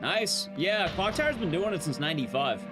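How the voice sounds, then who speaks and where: A man's voice: high-pitched, big pitch swings, moderate pace. A man streaming a speedrun, rambling casually and profanely to his chat. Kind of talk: casual live-stream commentary while gaming. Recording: game music behind.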